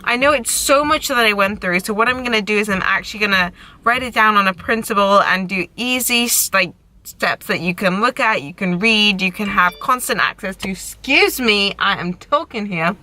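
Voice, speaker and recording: A woman's voice: mid-range voice, a little fast, bright, forceful tone, rough recording. A young woman giving frank, encouraging advice in a casual vlog, chatty and swearing now and then. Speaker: vlogger and recovery coach. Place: outdoors by a road with passing cars. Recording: faint traffic noise behind.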